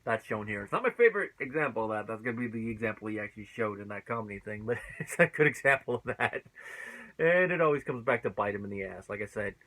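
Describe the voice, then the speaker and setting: A man giving a casual spoken review of a TV episode, chatty, laughing often and filling his pauses with "uh". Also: lowish voice, expressive, bright, forceful tone, poor audio.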